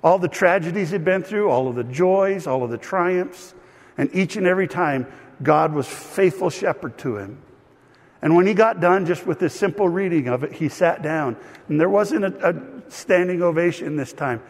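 Gravelly pastor preaching in a reverberant hall. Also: male voice, sits high, moderate pace. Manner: animated storytelling with asides. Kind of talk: sermon.

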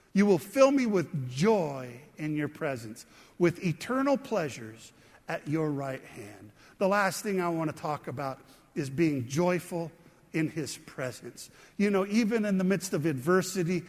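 A man in his fifties preaching a sermon as a pastor, in a conversational manner with joking asides, recorded without an audience. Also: high-pitched. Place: empty sanctuary, no audience. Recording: long hall reverb.

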